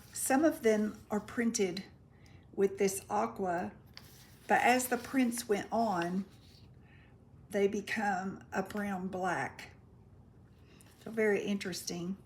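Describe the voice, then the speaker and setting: Slow, gravelly-voiced woman seller. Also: medium pitch, darkish tone, a little hiss or hum. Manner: chatty, unhurried, describing items up close, stumbles over foreign words. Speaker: online craft seller. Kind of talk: casual product presale video.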